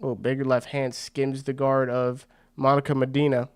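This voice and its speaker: A man's voice: mid-range voice, moderate pace, clean tone. A man hosting a fight watch party, giving casual, rambling commentary full of slang. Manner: excitable and rambling, slangy with frequent "bro".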